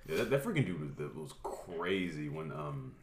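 A man co-hosting a casual podcast, playful and quick to laugh. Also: very deep voice, big pitch swings, a little hiss or hum. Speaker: podcast co-host. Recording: echoey room.

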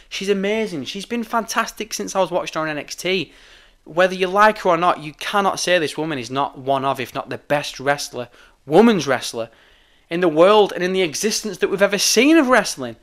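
A man's voice: sits high, fairly bright tone. Heated man ranting. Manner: heated, emphatic, frequent swearing. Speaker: wrestling commentator. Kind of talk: opinionated rant.

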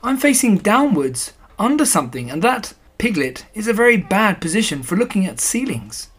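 A reader voicing a slow-thinking, gentle bear in a storybook reading, thoughtful and a little mumbly. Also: medium pitch, sing-song, breathy edge, pitched above the performer's own voice. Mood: mild.

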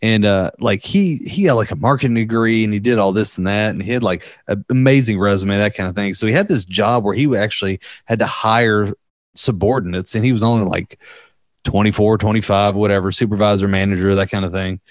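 A man's voice: on the low side, brisk, no room sound. A young man chatting casually, rambling through a story, often laughing and acting out the quotes. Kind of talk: casual podcast chat.

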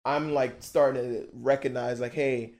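A podcast guest in his thirties, telling stories with an animated, slangy manner. He repeats words for emphasis and speaks casually at a middling pitch. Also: normal speed. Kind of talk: casual storytelling.

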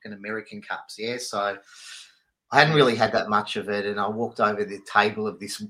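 A man's voice: lowish voice, steady tone, brisk, bright, forceful tone. A man, a podcast co-host telling stories casually, laughing and swearing freely. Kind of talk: casual chat.

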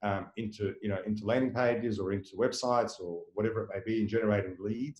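A man runs through his points at a rapid clip, full of fillers and restarts, often tagging them with "right?". His voice sits a little low. It is recorded in an echoey room. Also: fairly even intonation, a little mellow. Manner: fast, rambling, many fillers and restarts, tags "right?". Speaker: marketing agency owner, guest. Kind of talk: casual interview talk.

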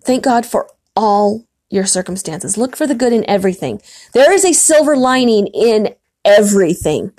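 Woman, podcast host, middle-aged, earnest reflective storytelling, faith talk, mid pitch. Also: expressive, normal speed, a little mellow. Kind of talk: faith-based podcast monologue.

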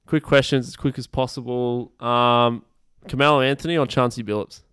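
Upbeat man with a smooth, dry voice. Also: mid-range voice, steady tone, a bit bright, no echo. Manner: upbeat, quick reactive interjections. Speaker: podcast co-host asking questions. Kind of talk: casual chat.

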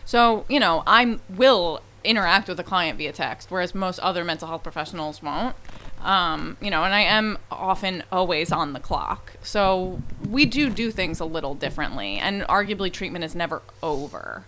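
A woman's voice: on the low side, lively intonation, moderate pace, pushed and bright, slight background noise. A woman therapist, a guest on a podcast, talking in a chatty, casual way with many fillers. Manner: chatty, full of "like" and "you know".

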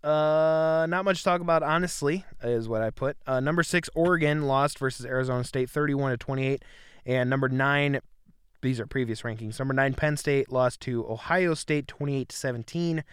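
A young man with an ordinary mid-range voice co-hosts a casual sports podcast. He sounds relaxed as he reads scores and stats from his notes and tosses questions to his partner. The recording is dry, with no room echo. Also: medium pitch, moderate pace, clear, resonant tone. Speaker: podcast co-host.

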